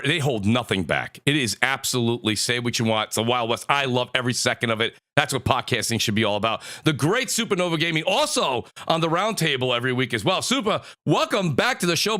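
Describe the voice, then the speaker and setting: A man hosting a live gaming podcast panel, introducing guests with energetic hype. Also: mid-range voice, fast talker, few pauses. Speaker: podcast host. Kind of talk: casual panel show hosting.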